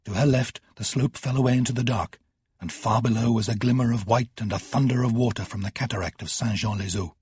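A male narrator reads a fantasy novel with measured, dramatic pacing. His voice is very husky and breathy, in a middle pitch. The recording is close and dry. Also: fairly even intonation, a little mellow, no echo. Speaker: audiobook narrator. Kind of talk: scripted narration.

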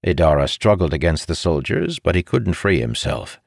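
A man narrating a fantasy story as an audiobook reader, in an expressive, dramatic way. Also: rumbling low, moderate pace, vocal fry, dry recording, clean studio sound.

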